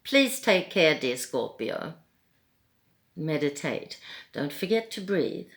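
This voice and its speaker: A woman with a Swedish accent gives a casual tarot reading in a soft-spoken, gentle way, chuckling between remarks. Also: deep voice, animated, slow pace. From Sweden. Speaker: tarot reader.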